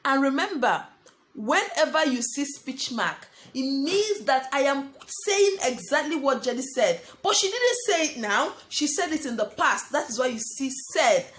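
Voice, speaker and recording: A young woman teaching a lesson to small children, speaking slowly and repeating words while she writes on a board. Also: high voice, very animated, fairly bright tone, slight background noise. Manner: slow, sing-song teacher talk addressing children as friends; talks while writing on a board. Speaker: primary school teacher.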